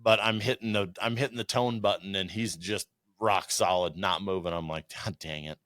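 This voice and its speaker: A man's voice: on the low side, moderate pace, dry recording, clean studio sound. A man, a podcast guest, telling bird-hunting stories in casual chat, swearing freely and acting out what people and dogs said. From Iowa. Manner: animated storyteller, swears freely, acts out quotes.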